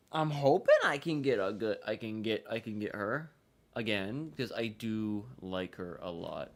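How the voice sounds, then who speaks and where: A man at middle pitch talks through his game session in a loose, rambling way. He circles back on his words and repeats himself. Casual swearing slips into his commentary. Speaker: gaming streamer.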